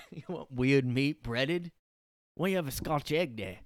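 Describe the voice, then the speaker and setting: A man's voice: mid-range voice, measured pace, big-room sound, natural voice. A man putting on a British accent to play a jeering, rowdy male pub regular, in his room. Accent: put-on British. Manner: jeering, exaggerated, shouty.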